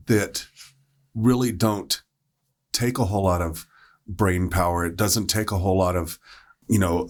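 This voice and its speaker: Low-voiced man telling a work story. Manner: rambling, many fillers and restarts. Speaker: paramedic. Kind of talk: storytelling on a podcast panel.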